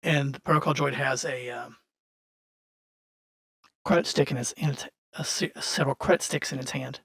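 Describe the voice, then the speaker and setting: A man's voice: mid-range voice, steady tone, normal speed, gravelly, fairly bright tone. A man running a tabletop game as game master, narrating casually and correcting himself as he thinks aloud.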